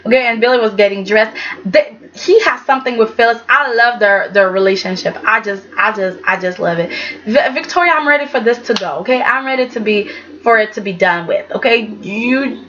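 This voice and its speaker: A woman's voice: fairly high pitch, a bit bright, dull audio. A woman giving a casual, sassy vlog review of a soap opera, talking emphatically and tagging her points with "okay?".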